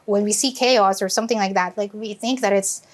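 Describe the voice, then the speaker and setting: A woman co-hosting a casual talk show, animated and quick to laugh, acting out what people said to her. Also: mid-range voice. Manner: animated, laughs often, acts out quotes. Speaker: podcast co-host. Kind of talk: casual chat.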